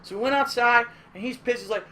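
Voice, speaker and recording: High-pitched guy with a sharp bright voice, swearing a lot while he tells a story on his stream. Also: fast talker. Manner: animated, profane, emphatic retelling. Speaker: gaming streamer. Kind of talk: casual storytelling.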